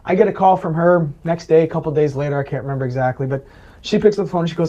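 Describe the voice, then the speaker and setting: Earnest higher-voiced man, dull audio. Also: quick pace. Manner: earnest, animated retelling of client stories. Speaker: Medicare planner. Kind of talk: interview storytelling.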